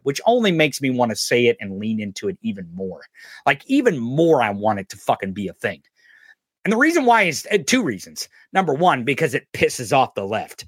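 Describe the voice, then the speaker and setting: A man hosting a podcast, giving a loud, profane, mocking political rant. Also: high-pitched, slightly rough, no echo, studio quality. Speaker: podcast host.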